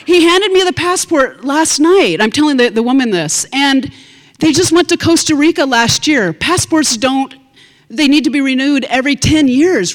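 A woman telling a personal story on stage to an audience, chatty and animated, with asides to the listeners. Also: on the high side. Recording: long hall reverb.

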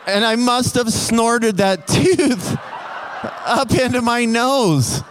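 A man telling a comic personal story in an animated way, building tension. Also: very high voice, takes it slowly, noisy background.

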